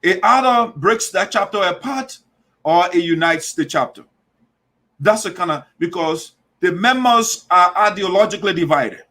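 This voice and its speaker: High, bright-voiced man giving emphatic commentary. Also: lively intonation, moderate pace. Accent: Liberian English. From Liberia. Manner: emphatic, repetitive, restarts mid-phrase. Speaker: show host. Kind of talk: political commentary monologue.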